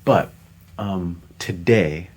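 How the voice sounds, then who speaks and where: Man, low husky voice, podcast co-host, animated storyteller, casual chat. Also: drawn-out words. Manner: animated storyteller, acting out quoted dialogue.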